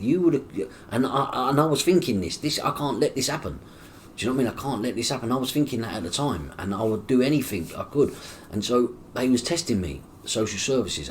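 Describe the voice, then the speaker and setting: A man's voice: on the low side, slight background noise. A middle-aged man, telling his life story in an interview. He acts out the dialogue in his story and swears freely. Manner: animated, acts out quoted dialogue with coarse swearing. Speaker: guest.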